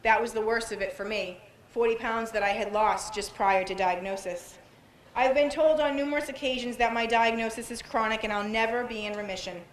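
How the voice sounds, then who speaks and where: A woman's voice: on the high side, steady tone, brisk. Determined woman reading a speech, echoey. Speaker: cancer patient giving a speech. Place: outdoor event. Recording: echoey PA sound.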